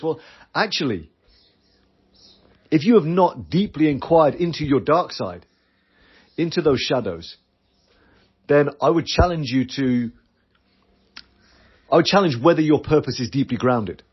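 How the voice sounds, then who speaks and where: A man's voice: fairly high pitch, lively intonation, normal speed, long pauses, slightly rough, highs cut off. A British man hosting a solo business podcast, talking earnestly and acting out quoted voices. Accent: British English. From Britain. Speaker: podcast host. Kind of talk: solo podcast coaching talk.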